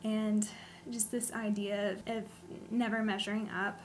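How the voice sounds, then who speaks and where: Soft sincere woman sharing her testimony, pretty monotone, little hiss. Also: medium pitch, a little slow. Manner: soft-spoken, sincere, earnest. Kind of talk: personal testimony.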